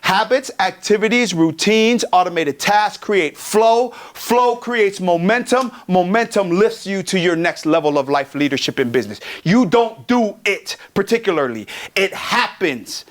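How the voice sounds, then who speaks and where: A man from California giving a motivational keynote, energetic and profane, joking with the crowd in a conference hall. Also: high voice, a little slow, few pauses. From Pomona, California. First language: Tongan. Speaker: keynote speaker.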